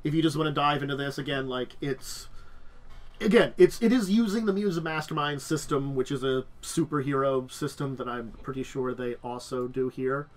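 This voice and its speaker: A man hosting a casual chat about tabletop games, a bit stuffed up, talking in halting starts with lots of ums. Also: mid-range voice. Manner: halting, many restarts and ums. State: stuffed up nose. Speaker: podcast host.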